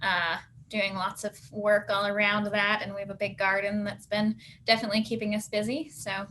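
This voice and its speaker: A woman who works as a grant writer, introducing herself on a video call in a cheerful, even tone. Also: medium pitch, normal speed, slight background noise, low-quality recording. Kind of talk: casual self-introduction.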